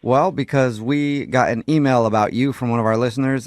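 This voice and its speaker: A man hosting a morning radio show, joking with deadpan banter. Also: medium pitch, a little fast. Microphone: studio mic.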